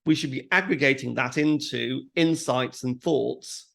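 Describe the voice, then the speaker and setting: A man's voice: medium pitch, a little slow, gravelly. A middle-aged man co-hosting a podcast, chatting casually and acting out little quotes as he makes his points. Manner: animated storytelling with acted quotes. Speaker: podcast co-host.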